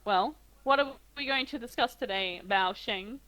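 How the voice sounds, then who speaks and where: A woman's voice: on the high side, moderate pace, a bit bright, lightly acted, low-quality recording. A woman voicing an impatient male town mayor who hurries people along. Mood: wary.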